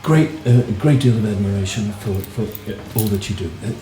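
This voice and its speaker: A man putting on the voice of a polite, formal upper-class older English royal, speaking haltingly and courteously. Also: on the low side, mellow, roomy sound, faint music behind, close to an everyday voice. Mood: gracious.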